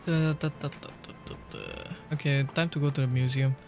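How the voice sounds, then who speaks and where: A man with a fairly high voice chatting loosely to his stream audience, playful and quick to laugh, tossing in casual swears. Soft music plays faintly behind him. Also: steady tone. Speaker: livestreamer. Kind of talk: casual game-stream chat. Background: faint background music.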